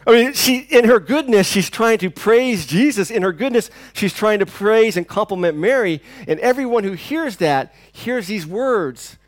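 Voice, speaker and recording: A pastor delivering a sermon, swinging between loud declarations and quiet, intense passages. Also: male voice, sits high, expressive, normal speed, no echo, clean studio sound.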